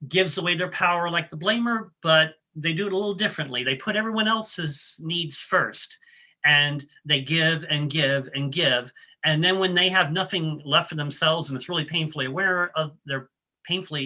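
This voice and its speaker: A man's voice: fairly high pitch, pushed and bright. A man presenting a workshop, guiding the audience through breathing steps in a friendly, coaching way with frequent ums and restarts. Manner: coaching, leads the audience step by step. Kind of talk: guided breathing exercise and talk.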